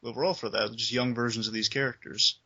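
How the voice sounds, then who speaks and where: A man with a bright, forceful voice talks through a game review in a casual chat, often hesitating and apologizing. The recording has a dull, lo-fi sound. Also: mid-range voice, steady tone, quick pace, breathy edge. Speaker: co-host.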